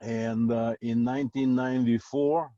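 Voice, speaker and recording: A man's voice: mid-range voice, steady tone, unhurried, warm tone, no room sound. A middle-aged man from Uzbekistan, a guest on a video call, speaking plainly with slightly non-native phrasing. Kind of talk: casual talk on a call. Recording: dry, dull lo-fi call audio.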